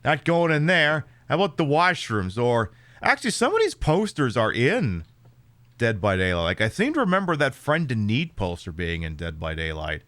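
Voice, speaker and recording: A man's voice: medium pitch, wildly swooping pitch, moderate pace, a bit bright, no echo. A man streaming a horror game, giving casual let's-play commentary with sarcastic jokes, rambling asides and casual swearing.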